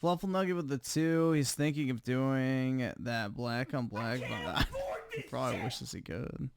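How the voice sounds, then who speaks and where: A man's voice: mid-range voice, measured pace, gravelly, clean tone. A male livestream host giving crude, mocking reaction commentary.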